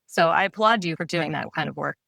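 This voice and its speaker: A middle-aged woman with a Long Island New York accent, a retired oncologist explaining things clearly and warmly laughing as a podcast guest. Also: sits low, quick pace, dry recording. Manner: articulate, explanatory, laughs easily. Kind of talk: podcast interview.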